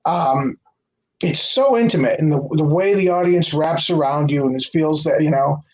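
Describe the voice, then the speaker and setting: Higher-voiced man hosting a video interview. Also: a little mellow, poor audio. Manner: halting, with frequent filler sounds. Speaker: venue director, interview host. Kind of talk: casual interview.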